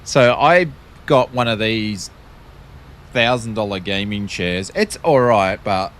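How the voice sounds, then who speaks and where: Give me a low-pitched Australian man casually joking his way through a flight sim stream. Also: takes it slowly, fairly bright tone, a little hiss or hum. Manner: joking, rambling, self-deprecating. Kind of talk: casual live-stream chat.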